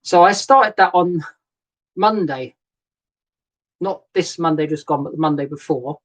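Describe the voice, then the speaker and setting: A man's voice: on the high side, unhurried, fairly bright tone. A man casually chatting on a live stream from his narrowboat, rambling a little and greeting viewers by name, recorded on a laptop webcam setup. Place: narrowboat cabin. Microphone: laptop webcam and new microphone.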